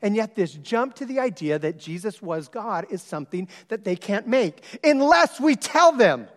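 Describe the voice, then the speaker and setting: A man preaching a sermon, telling a story with lively shifts and loud exclaimed quotes. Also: sits high, moderate pace, few pauses. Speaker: pastor. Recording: long hall reverb.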